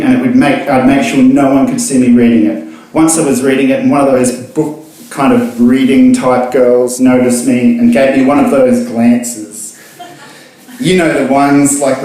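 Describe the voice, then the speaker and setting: At a book launch in an echoey pub function room, a young man reads his own piece to a live audience. His medium-pitched, slightly mellow voice delivers it as crude, self-mocking comedy.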